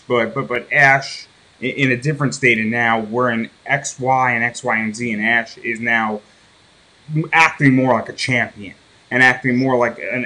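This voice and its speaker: A man's voice: mid-range voice, bright, forceful tone, poor audio. A man interviewing a guest, asking long winding questions with stammered repeats.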